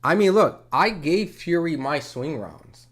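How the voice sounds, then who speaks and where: A man's voice: on the high side, animated, measured pace. A man commenting on a boxing match in a livestream. He talks casually, swears, and argues with viewers' comments. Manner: conversational, profane, argumentative.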